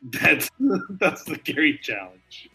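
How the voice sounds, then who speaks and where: A lively man co-hosting a casual podcast, with a bright, forceful edge in his voice and a pitch that sits a little high. He is excitable and laughs often, throwing in quick asides. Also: husky, soft background music. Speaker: podcast co-host. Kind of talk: casual podcast chat about wrestling.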